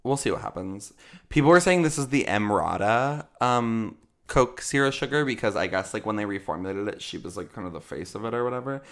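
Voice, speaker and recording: A man's voice: on the low side, lively intonation, a little fast, a bit bright. A man co-hosting a podcast in casual chat, joking, laughing often and rambling with fillers. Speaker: podcast co-host.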